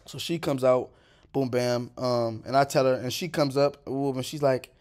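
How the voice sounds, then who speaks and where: A young man in his twenties rambles through a casual vlog commentary, stacking slang and filler as he goes. His voice sits at an ordinary middle pitch. The delivery is loose and conversational. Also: steady tone, normal speed, darkish tone. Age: 20s. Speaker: vlogger. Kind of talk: casual commentary over a clip.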